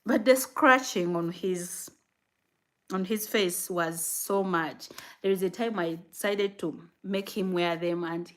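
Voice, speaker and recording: A new mother vlogging casually to her viewers, telling stories in an animated way and acting out what she said back then, with fillers and frequent laughs. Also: mid-range voice. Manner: animated storytelling, acting out her own past words. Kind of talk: casual chat answering viewer comments.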